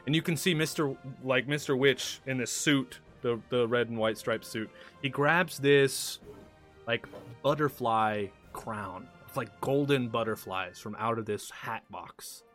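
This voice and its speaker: A man's voice: mid-range voice, unhurried, a bit bright, soft background music. A man running a tabletop game, narrating in a casual, rambling way. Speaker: game master.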